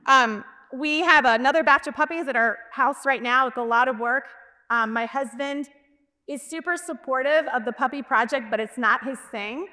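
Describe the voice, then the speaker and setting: A woman gives a faith talk to other women, chatty and personal as she tells her stories. Her voice is high and bright. It rings out with a long echo in a large hall. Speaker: speaker at a women's event. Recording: reverberant hall.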